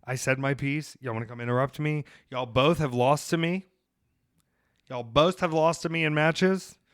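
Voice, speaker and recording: A man hosting a podcast, telling rambling stories in a lively, animated way, swearing casually. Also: a little high, normal speed, no room sound, clean studio sound. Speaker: podcast host.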